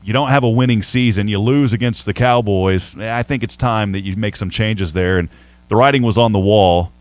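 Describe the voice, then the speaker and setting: A man's voice: fairly low pitch, normal speed, no room sound. A man with a Southern accent, hosting a sports radio show in a chatty, rambling way with playful ribbing. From Texas. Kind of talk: casual sports talk.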